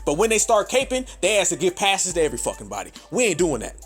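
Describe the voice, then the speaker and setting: A man with a high-pitched voice rants on his podcast, cursing freely and hammering every point. He keeps calling his listeners family, and faint music sits behind him. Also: huge pitch swings, fast. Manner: profane, emphatic, addresses listeners as family. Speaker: podcast host. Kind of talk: ranting commentary.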